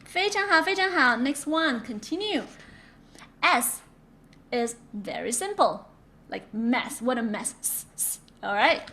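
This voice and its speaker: Slow, high-voiced woman teaching pronunciation. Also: animated, pushed and bright. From China. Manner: slow, drilling sounds with repeated examples. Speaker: Chinese language teacher. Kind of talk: pronunciation lesson.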